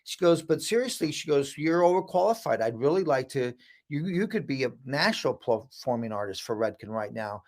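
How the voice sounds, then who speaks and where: A middle-aged man from the United States, a guest telling an animated story and acting out the voices of the people in it. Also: medium pitch, normal speed. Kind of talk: storytelling interview.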